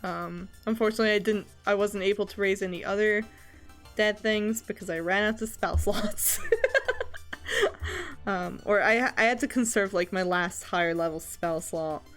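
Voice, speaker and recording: A woman's voice: mid-range voice, fairly even intonation, moderate pace, a bit bright, faint music behind. A woman streamer chatting casually, rambling with many fillers and frequent laughter.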